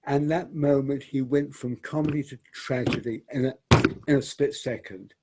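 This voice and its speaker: A man's voice: medium pitch, steady tone, normal speed, heavy background noise. An older man, a theatre director, reminiscing in an interview as a reflective storyteller who repeats and restarts words.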